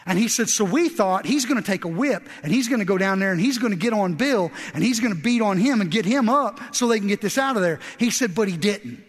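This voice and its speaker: Male pastor, very high voice, impassioned sermon, folksy storytelling, long church reverb. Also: expressive, fairly quick, hardly any pauses. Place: large church sanctuary.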